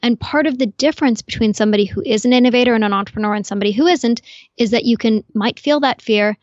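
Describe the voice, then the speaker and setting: A woman guest on a podcast, explaining calmly and clearly in an instructive way. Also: a little high, quick pace, no room sound, highs cut off. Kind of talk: explanatory interview talk.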